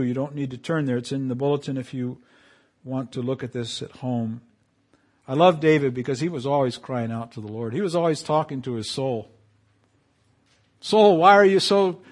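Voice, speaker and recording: A man preaching a sermon to his congregation, quoting scripture with emphatic swells and quiet drops. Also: a little high. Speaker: pastor.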